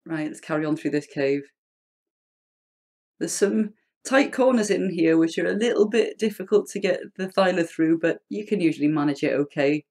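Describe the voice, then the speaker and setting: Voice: medium pitch, expressive, normal speed, a little mellow. A host giving chatty, rambling gameplay commentary as a voice-over recorded at home. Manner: chatty, rambling, self-deprecating.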